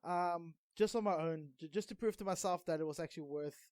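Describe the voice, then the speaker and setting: A man's voice: fairly high pitch, brisk, a little mellow, no echo. A South African man co-hosting a casual gaming podcast, rambling wryly with lots of ums and restarts. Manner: rambling and wry, with many ums and self-corrections. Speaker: podcast co-host.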